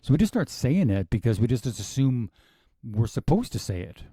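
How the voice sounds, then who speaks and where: A man's voice: mid-range voice, sing-song, normal speed, dark tone, husky. A man, a yoga teacher, commenting casually on a class video with chatty, questioning asides.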